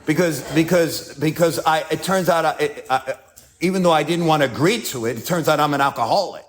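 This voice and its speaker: A man's voice: on the high side, brisk. A man with a New York accent telling his story as a speaker at a recovery meeting, acting out scenes with self-mocking humor.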